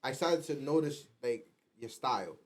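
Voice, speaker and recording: An easygoing man hosts a casual sit-down conversation. He talks in relaxed slang and admires his guest, and his voice sits at an average pitch. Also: normal speed. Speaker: host.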